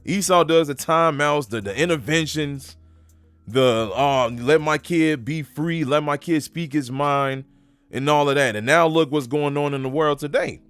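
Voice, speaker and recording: A male preacher with a voice pitched a little high and a dry, close sound, with faint music underneath. He talks emphatically in casual street-talk phrasing, reads scripture and often tacks on "man.". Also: unhurried, fairly bright tone, clean tone, dry recording.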